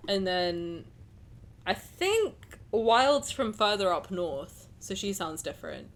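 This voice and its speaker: A woman's voice: mid-range voice, big pitch swings, slow. A young woman from England with a southern English accent and a slight transatlantic lilt, chatting casually with her live stream chat in a rambling way. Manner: rambling, chatty, lots of "like" fillers.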